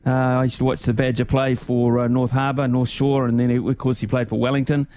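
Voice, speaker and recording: A man with a New Zealand accent chatting as a radio host. His manner is relaxed and good-humoured, and he chuckles often. His voice sits at an ordinary pitch. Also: a little fast, no echo. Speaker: radio host joining from another region. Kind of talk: casual radio chat.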